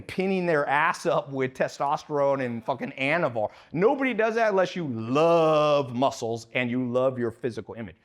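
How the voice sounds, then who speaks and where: Speaking at a business seminar, this man has a mid-range, animated voice and moves at normal speed with few pauses. He's blunt and heavily profane, quizzing the crowd and acting out the people in his stories.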